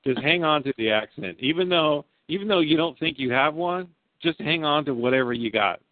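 A man's voice: fairly high pitch, animated, brisk, dry recording. Brief: man, forties, friendly slangy interviewer, dry narrow phone sound. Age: 40s. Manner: chummy, joking, casual slang. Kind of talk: casual conversation.

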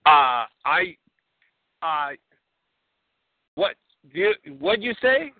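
A man putting on the voice of a bumbling foreign male reporter in broken, halting English, over a tinny phone line. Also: on the high side, expressive, dry recording. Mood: excited, bumbling. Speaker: prank caller.

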